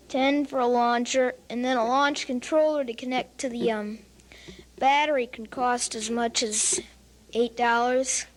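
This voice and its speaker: A woman with a slightly raised voice walks through her hobby in an unhurried show-and-tell manner. She explains things plainly and matter-of-factly, now and then pausing to find a word. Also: fairly high pitch, poor audio. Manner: plain matter-of-fact explaining, occasional hesitation. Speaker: hobbyist explaining model rockets.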